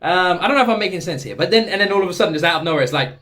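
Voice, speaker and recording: A British man hosting a reaction video, chatting casually and excitedly, rambling with frequent restarts. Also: high voice, very fast.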